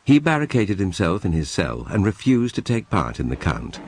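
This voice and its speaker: A man narrating a documentary in a measured, dramatic scripted read. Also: low voice, wildly swooping pitch, darkish tone.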